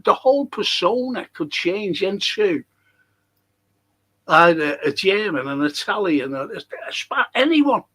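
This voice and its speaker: A man's voice: high voice, sing-song, unhurried, pushed and bright, husky, poor audio. An older man, co-hosting a casual chat and telling long rambling anecdotes. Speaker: co-host.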